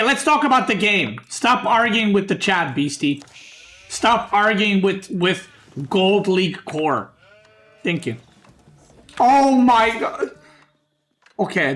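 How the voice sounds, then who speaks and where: A man casting a strategy game on his stream in a fairly high voice. He teases his chat, swears casually and keeps things loose, with keyboard typing in the background. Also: fairly bright tone. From Serbia. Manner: joking, bickering with chat, swears.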